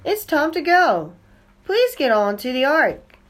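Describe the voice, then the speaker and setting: A woman reading a children's storybook aloud and voicing old Noah, speaking in a bright, eager tone that rises above her own voice. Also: sits high, sing-song, takes it slowly, pitched above the performer's own voice, heavily acted. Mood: urgent. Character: Noah, old bearded man building the ark.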